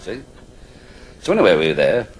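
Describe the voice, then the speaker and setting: A man's voice: deep voice, wildly swooping pitch, a little fast. An older man telling comic anecdotes as an after-dinner speaker, a wry raconteur who chuckles at his own stories. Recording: noisy live recording.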